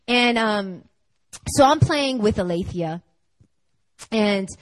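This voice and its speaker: A young adult woman preaching a conversational sermon, telling stories in a chatty, animated way full of "like" and laughter. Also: medium pitch, slow pace, dry recording, low-quality recording.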